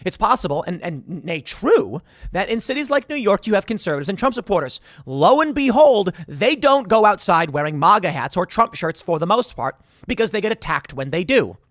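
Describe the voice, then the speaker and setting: A male host delivering political commentary, arguing and sarcastic. His voice rises and falls widely and sits a bit higher than most men's. The sound is dry and close. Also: normal speed, no room sound. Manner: animated, argumentative and sarcastic.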